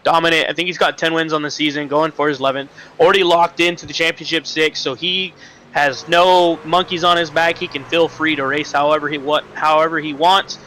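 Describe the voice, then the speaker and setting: A man breaks down a sim race as colour commentator, his voice bright and slightly high. He hesitates with fillers, then rushes through his points. His feed over the online call is choppy, with faint noise behind. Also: steady tone, low-quality recording. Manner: halting and filler-heavy, then quick bursts. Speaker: color commentator. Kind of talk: sim racing analysis.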